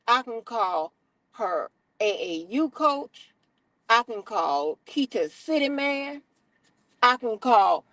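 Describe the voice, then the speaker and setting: Slow-talking woman ranting. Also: fairly high pitch, no room sound, poor audio. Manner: animated, profane, exasperated. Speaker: streamer. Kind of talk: casual storytelling rant.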